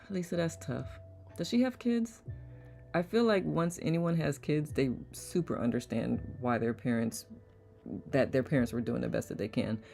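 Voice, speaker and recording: Woman host, low gravelly voice, playful live chat, faint music behind. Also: normal speed, mellow. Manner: playful, laughs often, repeats words aloud. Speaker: host of online community circle. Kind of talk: casual live-stream chat reading comments.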